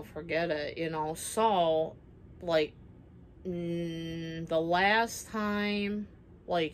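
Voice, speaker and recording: A woman's voice: fairly low pitch, slight background noise. A woman vlogger telling a personal story in casual chat, rambling with many fillers and acting out what people said. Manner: rambling, many fillers, acts out quoted lines.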